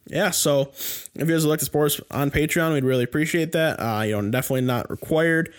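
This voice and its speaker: A man's voice: fairly high pitch, fast talker. A man co-hosting a sports podcast in casual chat, rambling and heated, with many restarts and fillers. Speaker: podcast co-host.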